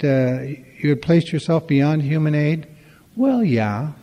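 A man's voice: a little high, animated, slow pace, in a large hall, dull audio. A man giving a storytelling talk at a recovery meeting, conversational and wry, acting out the dialogue in his stories.

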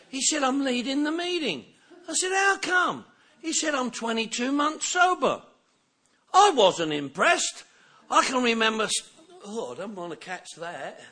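High-voiced, animated man telling a story. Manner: animated, laughing, shouting at peaks. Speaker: recovery speaker. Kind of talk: storytelling recovery talk.

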